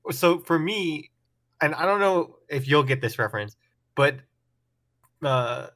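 A man's voice: fairly high pitch, lively intonation, a little slow, fairly bright tone. A man hosting a casual sports podcast, chatting in a laid-back way and hedging his opinions with lots of "like". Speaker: podcast host.

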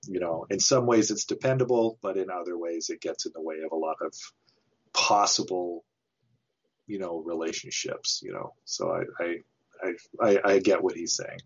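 A man's voice: sits low, animated, moderate pace, gravelly, slightly rough, muffled recording. A man co-hosting a podcast, musing hesitantly about a film as he thinks aloud. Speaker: podcast co-host. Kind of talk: casual film discussion.

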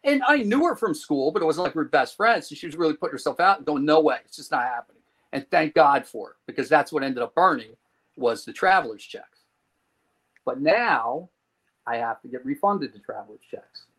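Speaking a little fast with a breathy edge and a higher pitch, a podcast guest from New Jersey recounts a long personal story. He acts out the characters and swears casually in his animated telling, all on a low-quality recording.

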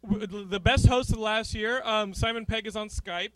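High-voiced joking male host. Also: fairly bright tone. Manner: teasing, quick jokes. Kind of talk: party interview banter.

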